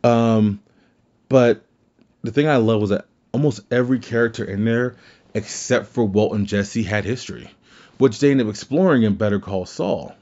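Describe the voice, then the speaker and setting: A man's voice: fairly low pitch, moderate pace, darkish tone, dull audio. A man hosting his own show, talking through his thoughts in a rambling way and often restarting his sentences. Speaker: podcast host. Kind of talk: casual solo commentary.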